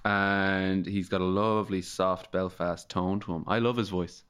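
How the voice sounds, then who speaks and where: A man's voice: deep voice, steady tone, measured pace, a bit bright, clear, resonant tone. A man co-hosting a podcast, cracking jokes and swearing casually. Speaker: podcast co-host. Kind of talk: casual chat.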